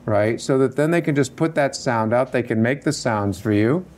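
A middle-aged man who teaches acting, talking through a workshop Q&A in an animated, conversational way and swearing casually. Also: mid-range voice, moderate pace. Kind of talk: workshop Q&A talk.

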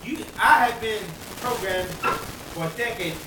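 A man ranting in a rough, heavily profane rant, bursting into shouts and loud laughs. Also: high-pitched, measured pace. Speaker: amateur rapper vlogging. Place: outdoors on a street. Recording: very echoey, distant from mic, noisy.

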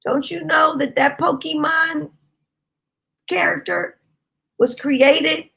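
A woman preaching a sermon, telling a testimony with impassioned shouting bursts. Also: sits high, fairly even intonation, slow pace, vocal fry. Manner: impassioned, shouting bursts, Southern-style speech.

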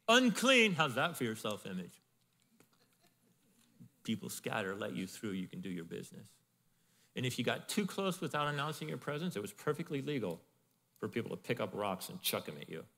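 A male pastor giving a sermon in a conversational, animated way, with asides to the congregation. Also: on the low side, a little fast, creaky, long pauses, in a large hall. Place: church in Arizona.

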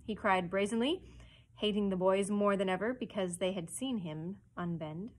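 A woman librarian reading a children's chapter book aloud with expressive storytelling narration. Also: mid-range voice, moderate pace.

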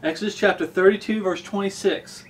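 A man's voice: sits high, fairly even intonation, a little fast. A man preaching a fervent sermon, pressing his listeners with repeated questions.

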